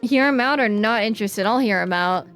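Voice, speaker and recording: A woman streamer chatting casually while she plays a game, playful and quick to swear. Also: mid-range voice, a bit bright, soft background music. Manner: playful, swears, reads game dialogue aloud. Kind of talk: casual gaming stream commentary.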